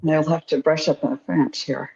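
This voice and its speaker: A woman's voice: low voice, fairly even intonation, moderate pace, vocal fry, dark tone, slight background noise. A woman co-hosting psychic readings over a video call, talking in a meandering, hesitant, self-deprecating way. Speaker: psychic co-host. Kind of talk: live-stream reading. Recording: dull lo-fi audio.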